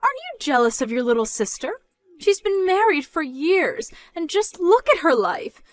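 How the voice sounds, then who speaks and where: A woman's voice: big pitch swings, normal speed, no room sound. A woman voicing a scornful, controlling mother. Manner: mocking, loud, rising in pitch when scolding. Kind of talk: dramatized story narration.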